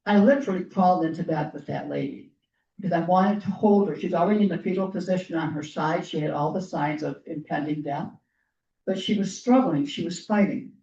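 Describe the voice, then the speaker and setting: A woman speaking earnestly to a gathered group, her mellow voice worn thin as she loses it and keeps clearing her throat. She sounds set back from the mic in a roomy hall, and the recording is dull and lo-fi. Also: on the low side, fairly quick, distant mic. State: losing her voice. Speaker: guest speaker. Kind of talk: personal storytelling talk.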